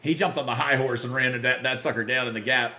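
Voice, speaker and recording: A man hosting a casual live game stream, greeting viewers by name and reacting loudly to big plays. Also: medium pitch, steady tone, quick pace, roomy sound. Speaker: livestream gamer.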